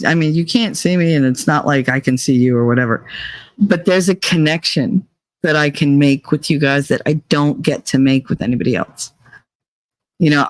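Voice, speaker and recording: A woman's voice: low voice, no room sound. A woman hosts a live show, talking to her listeners in a loose, confessional way. She swings into blunt, foul-mouthed sarcasm. Her voice is close and dry, with no room sound. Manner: profane, sarcastic ranting; candid and confessional. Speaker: podcast host. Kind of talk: casual chat to a live audience.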